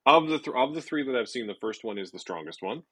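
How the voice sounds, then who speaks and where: A man co-hosting a podcast in casual chat, speaking hesitantly with many pauses and ums. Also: medium pitch, animated, fairly bright tone, husky, no echo. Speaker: podcast co-host.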